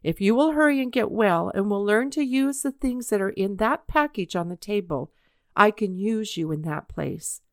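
A woman voicing a kind, patient grown man who is a doctor, speaking quietly and steadily. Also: medium pitch, normal speed, no echo, studio quality, lightly acted. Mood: gentle.

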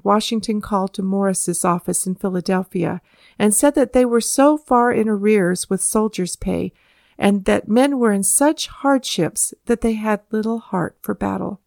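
A woman reading historical anecdotes aloud as a steady storybook narration, lifting her voice for quoted speech. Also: mid-range voice, gravelly, dry recording, studio quality. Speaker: audiobook reader. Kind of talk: scripted narration.

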